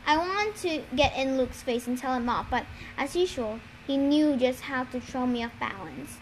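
A woman's voice: sits high, normal speed, slight background noise, low-quality recording. A woman reading a novel aloud, raising her voice for dialogue and sometimes stumbling and restarting words. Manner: reads dialogue with raised voice, occasional stumbles and restarts. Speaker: reader. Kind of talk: amateur audiobook reading.

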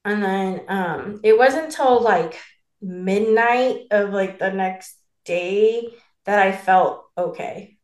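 A woman's voice: medium pitch, takes it slowly. Rambling woman in a roomy space. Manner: rambling, fills with "like", acts out quoted dialogue. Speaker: podcast co-host telling her birth story. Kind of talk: casual chat.

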